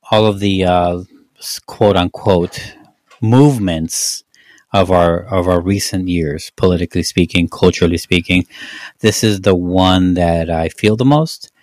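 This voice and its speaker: Low-voiced Mexican-accented man rambling. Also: moderate pace, no room sound. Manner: rambling, many fillers and restarts. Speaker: podcast host. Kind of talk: casual movie-review chat.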